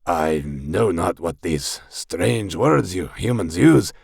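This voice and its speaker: A man's voice: sits low, expressive, measured pace, creaky, husky, no room sound, studio quality, full character voice. A man voicing a bombastic male dwarf warrior role-player, with grandiose archaic phrasing and a failed attempt at a Scottish brogue.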